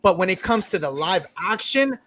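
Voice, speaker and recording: A man with a fairly high voice hosts a loose group review. He talks in animated bursts, restarting and talking over the others. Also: normal speed, a little hiss or hum. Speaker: podcast host. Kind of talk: casual group review chat.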